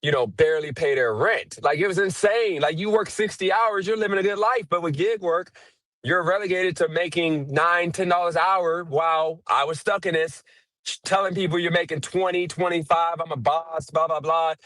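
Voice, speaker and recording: A man's voice: sits high, moderate pace, fairly bright tone, dry recording. Earnest, rambling man on the defensive. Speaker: stream guest. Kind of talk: heated livestream argument.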